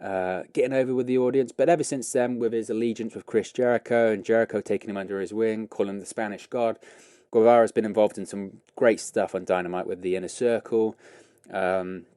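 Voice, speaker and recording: A wrestling podcast host speaks fairly quickly in a fairly low, dark, clean voice with fairly even intonation. The sound is clean studio audio with no room sound, and he rambles casually through his opinions with many fillers and self-corrections.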